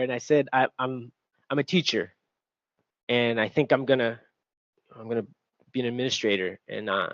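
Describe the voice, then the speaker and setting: At an event venue, a middle-aged school administrator from Texas speaks on a panel, giving personal testimony. His medium-pitched voice is earnest and reflective at a moderate pace, with some restarts. The recording has no room sound and the highs are cut off.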